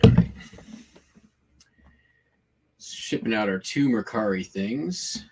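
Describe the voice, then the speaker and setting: A man's voice: fairly low pitch, lively intonation, slow, long pauses, darkish tone, slightly rough. A man hosting a casual shipping vlog, talking loosely with lots of fillers while describing hand gestures. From Washington state, US. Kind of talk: casual rambling chat.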